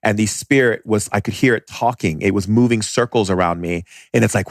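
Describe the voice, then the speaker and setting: A man speaking as a podcast guest, telling stories bluntly and animatedly, in quick bursts with restarts. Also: on the low side, no echo, clean studio sound. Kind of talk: casual storytelling.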